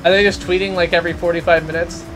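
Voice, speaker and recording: A man hosting a live game stream, chatting casually and ranting loudly in rambling asides. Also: high voice, level tone, very fast, music in the background.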